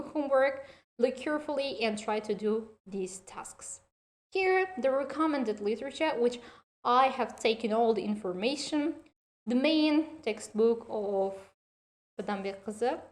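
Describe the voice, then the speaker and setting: A woman with a fairly high voice teaching a recorded lesson. She speaks deliberately and instructively, in slightly non-standard English, asking her students questions and answering them herself, with frequent praise. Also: darkish tone.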